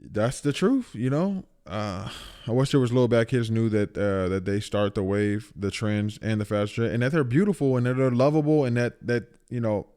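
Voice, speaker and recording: A man's voice: medium pitch, moderate pace, mellow, clear, resonant tone. A man streaming live, reacting to a video with blunt, profane, emphatic casual commentary.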